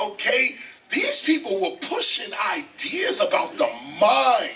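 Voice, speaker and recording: Interviewed in a library, an older rapper and teacher from the South Bronx, New York, tells stories in an animated way, with a high, creaky voice. He is emphatic, repeats phrases and keeps saying "okay?", picked up by a distant mic with faint background noise.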